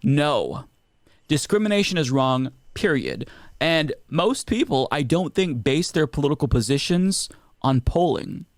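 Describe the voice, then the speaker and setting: A man's voice: on the high side, big pitch swings, measured pace, dry recording, clean studio sound. A man delivering firm, argumentative political commentary.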